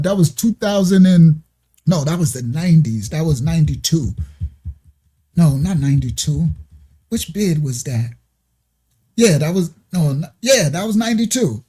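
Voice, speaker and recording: A middle-aged man hosts a ministry talk show, speaking in a slightly raised, warm-toned voice with a husky edge. He tells his story in an emotional, rambling way, correcting himself on details as he goes. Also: a little high. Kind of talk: casual personal storytelling.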